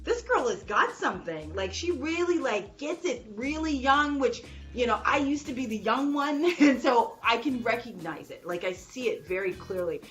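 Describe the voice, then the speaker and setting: A bubbly woman podcast host with a bright, forceful voice pitched above average. She talks with bouncy, excitable energy and laughs often. Faint music plays under her. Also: moderate pace, hardly any pauses, rough recording. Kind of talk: enthusiastic interview chat.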